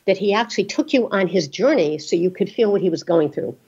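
Animated and brisk, this podcast host speaks at a medium pitch with a darkish, slightly rough tone. She's a chatty storyteller, using anecdotes to make points during an interview recorded in dull lo-fi sound.

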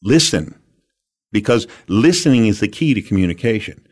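A man from the United States, an animated and emphatic storyteller, giving sales advice as an interview guest. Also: fairly low pitch, moderate pace.

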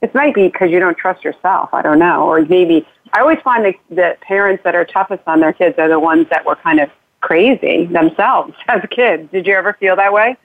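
A woman guest heard over a thin, phone-like line, her voice sitting fairly low. She talks earnestly and rambles, restarting her sentences as she explains things. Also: normal speed. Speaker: author guest. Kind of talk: casual interview talk.

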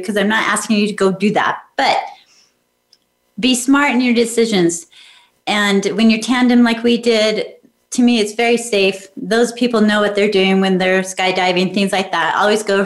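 A woman's voice: on the high side, roomy sound. Encouraging woman podcast host. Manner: encouraging, addresses listeners directly with questions. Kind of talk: motivational podcast talk.

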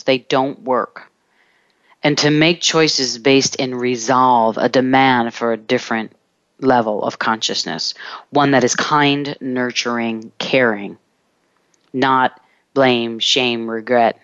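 A self-help podcast host giving a reflective coaching monologue, speaking slowly and deliberately and drawing out words in long lists. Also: medium pitch, steady tone, a bit bright, smooth, dry recording, lo-fi sound.

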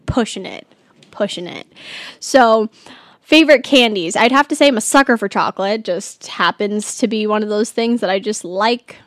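A woman's voice: medium pitch, moderate pace, dry recording, clean studio sound. A teenage girl from California hosting a casual solo chat show, bubbly and rambling with lots of giggles and "like". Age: teens. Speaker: host.

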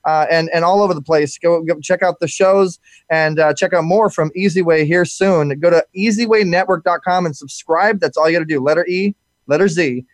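A man hosting a live talk radio show, wrapping up with energetic, fast shout-outs and frequent repeated words. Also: fairly high pitch, no echo, clean studio sound.

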